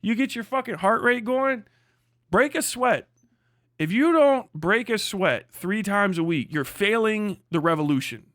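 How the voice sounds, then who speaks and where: A man with a high-pitched voice delivers a blunt, profanity-heavy livestream rant. His voice is recorded close and dry, with no room sound around it. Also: expressive, unhurried, a bit bright, no room sound. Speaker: streamer.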